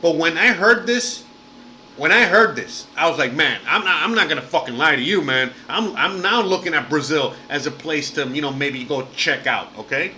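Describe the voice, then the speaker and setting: A man's voice: fairly high pitch, expressive, normal speed, pushed and bright, a little hiss or hum, poor audio. A man hosting a livestream, rambling and swearing freely with lots of fillers in casual chat. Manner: rambling and profane, heavy fillers. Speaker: livestream host.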